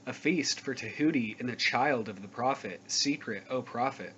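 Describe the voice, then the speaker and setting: A man giving a solemn scripture reading, slow, grave and declamatory. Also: mid-range voice, a bit bright. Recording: dull lo-fi recording with faint noise.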